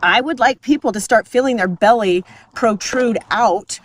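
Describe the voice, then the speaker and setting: A woman's voice: on the high side, normal speed, a little hiss or hum. A woman hosting a casual health talk while out on a hike, explaining things in an upbeat way. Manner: explanatory, upbeat, laughs easily. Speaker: host. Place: outdoors on a hike.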